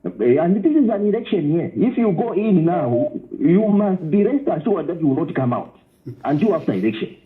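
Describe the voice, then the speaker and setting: A man's voice: high-pitched, sing-song, moderate pace, slight background noise. A man calling in to a radio talk show, explaining his point emphatically and repeating words. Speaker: caller. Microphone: phone. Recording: tinny phone line.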